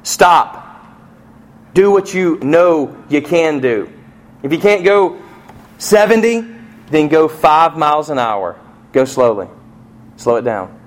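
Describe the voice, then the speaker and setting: A middle-aged man preaching a sermon as pastor, telling a family story and acting out the voices in it, with sharp swings from soft to loud. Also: fairly high pitch, sing-song, slow pace, pauses often. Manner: storytelling with vivid acted-out quotes and swings in loudness.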